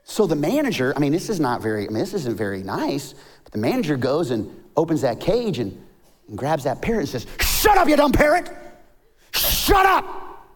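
Pastor, male, animated sermon delivery, reverberant church hall. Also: brisk. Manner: animated, rises to high emphatic peaks, tells jokes and stories.

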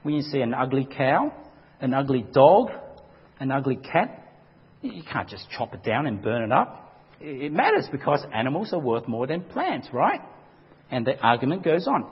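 A man's voice: mid-range voice, sing-song, moderate pace, slightly rough. A man preaching an emphatic sermon, acting out quotes dramatically as a pastor. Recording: dull lo-fi recording with long hall reverb.

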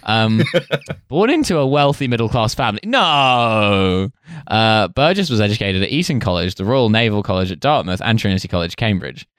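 A man's voice: fairly low pitch, lively intonation, moderate pace, a bit bright, smooth, no echo, studio quality. A man co-hosting a casual comedy history podcast, reading from notes and breaking off into jokey asides. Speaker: podcast co-host.

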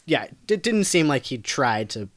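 A woman's voice: rumbling low, very animated, a little slow. A woman co-hosting a podcast, casually telling a true crime story with lots of fillers and frequent laughs. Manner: laid-back, laughs often, lots of fillers.

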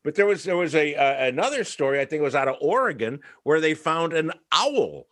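Brief: male co-host, slightly high voice, easygoing jokester. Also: very animated, brisk, a bit bright. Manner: jokey, laughs through his stories. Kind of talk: casual comedic chat.

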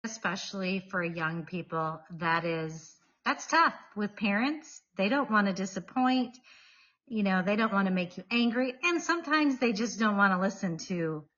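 A woman's voice: medium pitch, animated, moderate pace, a bit bright, lo-fi sound. A middle-aged woman, a divorce mediator, talking earnestly and emphatically as a podcast guest. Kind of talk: casual chat.

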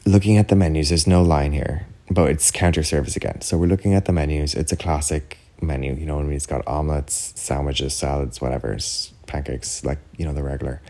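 An Irish man with an extremely deep voice, talking casually on his own podcast. He rambles on, dropping "like" into most sentences and checking in with "do you know what I mean". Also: fairly even intonation, a little fast, few pauses, darkish tone. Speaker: podcast host. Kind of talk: casual solo chat.

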